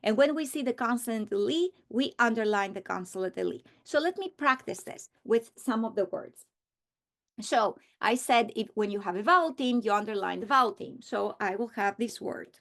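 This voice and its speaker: A woman teaching a reading lesson, modeling words slowly and deliberately. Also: on the high side, expressive, creaky, fairly bright tone. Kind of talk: instructional lesson.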